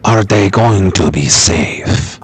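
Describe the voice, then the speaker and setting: A man voicing a grave, dramatic soap-opera speaker with a put-on Spanish accent, slow and hushed. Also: deep voice, husky, voice pushed down, exaggerated voice. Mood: brooding.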